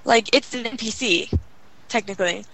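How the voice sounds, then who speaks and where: Young adult woman, casual guest, fast rambling delivery full of fillers. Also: on the high side, fairly bright tone, poor audio. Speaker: guest gamer. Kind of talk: casual chat.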